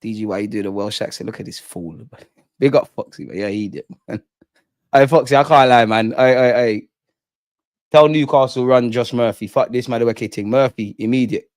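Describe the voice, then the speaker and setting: A man's voice: medium pitch, moderate pace, dry recording, studio quality. A young man, ranting and swearing in exasperation as a football fan channel host. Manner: animated, profane, exasperated ranting.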